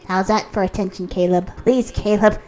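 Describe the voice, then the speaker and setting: A woman giving casual commentary over a life-sim game, chatting to her characters and reacting with quick exclamations. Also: medium pitch. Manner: chatty, talks to her sims, lively reactions. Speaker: let's play host.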